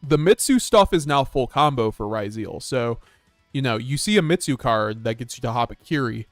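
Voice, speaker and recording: A man's voice: medium pitch, lively intonation, moderate pace, dry recording, soft background music. Rambling casual male card game streamer. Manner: rambling, casual, frequent restarts and chuckles. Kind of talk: live-stream gameplay commentary.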